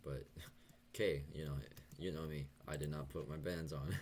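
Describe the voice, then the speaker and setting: A young man talking softly and hesitantly in a late-night confessional vlog, stuttering and pausing as he goes. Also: very deep voice, fairly even intonation, a little hiss or hum. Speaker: vlogger.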